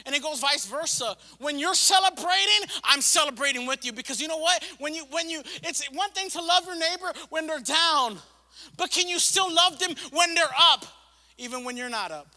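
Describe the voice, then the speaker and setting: Man preaching, very high voice, bright cutting tone, long hall reverb, impassioned and casual. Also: lively intonation, moderate pace. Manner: impassioned, rising and falling preaching with repetition; casual slang and asides. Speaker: pastor. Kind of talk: sermon. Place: church sanctuary.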